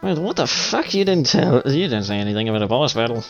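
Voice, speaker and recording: A man's voice: mid-range voice, big pitch swings, fast talker, vocal fry. A man reading a game aloud with casual, swearing, joking commentary as a game streamer. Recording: slightly dull audio with faint music.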